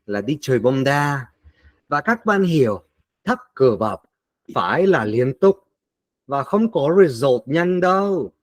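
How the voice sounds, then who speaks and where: A man giving an online teaching webinar in a deliberate, emphatic and motivational way, on a computer mic over a video call. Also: a little high, no echo.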